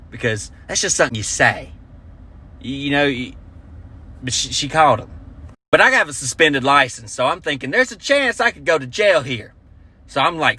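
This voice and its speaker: Brightly ranting, profane man. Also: mid-range voice, expressive, normal speed, breathy edge. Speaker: stand-up comedian. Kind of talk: comic storytelling rant.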